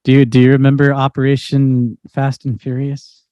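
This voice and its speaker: A man's voice: mid-range voice, monotone, normal speed, smooth, no echo, lo-fi sound. Laid-back man bantering, dry sound. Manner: laid-back, calls people "dude". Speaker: podcast co-host. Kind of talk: casual banter.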